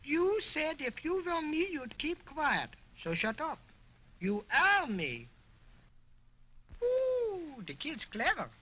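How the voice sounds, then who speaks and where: A woman voicing a cheeky, wisecracking wooden ventriloquist's dummy in an early talkie film, with a high, thin puppet voice. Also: huge pitch swings, takes it slowly, noisy background, full character voice. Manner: sassy, wisecracking, back-talking. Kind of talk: 1920s early talkie acting. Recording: old film soundtrack with music.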